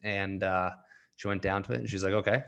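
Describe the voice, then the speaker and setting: A man's voice: low-pitched, little pitch movement, brisk, creaky, fairly bright tone, clear, resonant tone, dull audio. A young man hosting a solo podcast, talking earnestly and getting emotional, laughing through tears at times. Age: young adult. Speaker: podcast host and coach.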